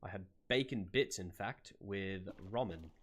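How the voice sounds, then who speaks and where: With a low-pitched, fairly bright voice and a measured pace, a streamer plays a roleplay character live. He puts on an accent, greets viewers by name and laughs often.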